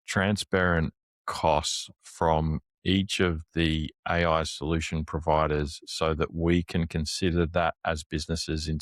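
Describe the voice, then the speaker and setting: A man's voice: low voice, dry recording, studio quality. A man who is a guest on a business chat, laying out his points analytically in long lists that build up.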